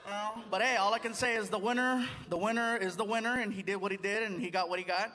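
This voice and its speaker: High-voiced man doing stand-up. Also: fast. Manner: animated storytelling with bursts of put-on voices. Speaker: stand-up comedian. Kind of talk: stand-up comedy. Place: large theater stage before a live audience. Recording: live theater recording with loud crowd laughter.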